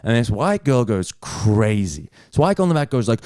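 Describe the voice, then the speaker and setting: Young aussie comic guy telling a story, lively and sweary, mid pitch, dead dry sound. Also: moderate pace, dry recording. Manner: animated, swears freely, acts out other people's lines. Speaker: stand-up comedian. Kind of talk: casual chat storytelling.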